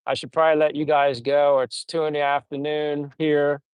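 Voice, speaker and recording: A man's voice: a little high, little pitch movement, moderate pace, darkish tone, clear, resonant tone, no room sound, low-quality recording. A middle-aged man rambling through funny old stories while reading out live chat on a casual stream. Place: home in the Philippines.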